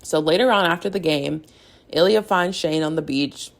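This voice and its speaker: Gravelly low-voiced young woman podcaster. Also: normal speed. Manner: gushing, rambling fan talk full of "like" and laughter. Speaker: podcast host. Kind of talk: casual chat recapping a TV episode.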